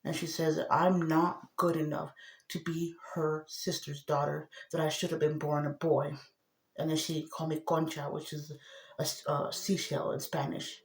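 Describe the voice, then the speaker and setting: Agitated woman rambling in a roomy echo. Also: gravelly. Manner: agitated, swings between low murmur and loud outbursts. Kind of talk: rambling personal monologue to camera.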